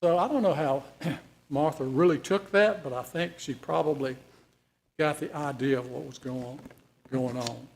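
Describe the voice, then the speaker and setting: A man's voice: a little high, moderate pace, creaky. A man leading a Bible study in a folksy, conversational way, putting questions to the class. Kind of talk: informal Bible study teaching.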